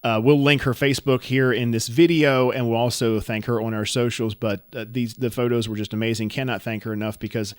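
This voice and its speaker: A man co-hosting a casual chat show, telling stories in an animated way and getting loud and worked up as he goes. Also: mid-range voice, brisk, few pauses, clear, resonant tone, no echo, clean studio sound. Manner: animated storyteller, gets loud and riled up. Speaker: podcast co-host.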